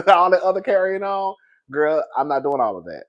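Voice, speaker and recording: Brief: male vlogger, chatty storyteller, lively swooping pitch, laughs a lot. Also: normal speed, muffled recording. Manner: animated, laughs often, keeps calling listeners "girl". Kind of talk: casual storytime monologue.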